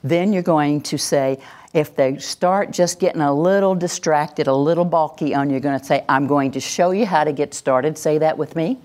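A woman leads a parenting workshop as a live demonstration, talking plainly and then breaking into high, gushing praise. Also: normal speed, darkish tone.

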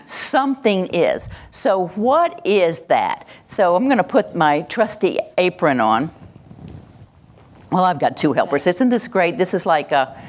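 A woman's voice: on the low side, very animated, a little slow. A woman presenting a workshop to a live audience, acting out example phrases and having the audience repeat them back. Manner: leads call-and-response, acts out example phrases.

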